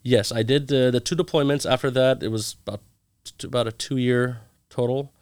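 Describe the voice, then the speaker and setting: A man's voice: mid-range voice, moderate pace, clean tone, dry recording. A man in his thirties, a guest in a casual interview, telling stories with energy and acting out the lines of the people in them. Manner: animated storyteller acting out quoted dialogue.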